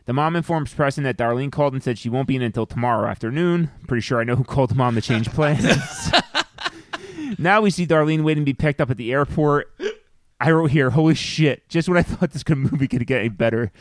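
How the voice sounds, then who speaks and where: Man, mid-pitched voice, podcast co-host, plot recap, dry asides, dead dry room. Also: fast, no echo. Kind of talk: casual chat.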